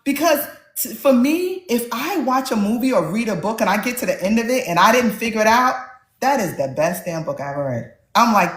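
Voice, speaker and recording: A woman author in a casual interview, telling stories with animated energy. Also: on the high side, a little fast, roomy sound. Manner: animated storyteller, acts out quotes. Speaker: author guest.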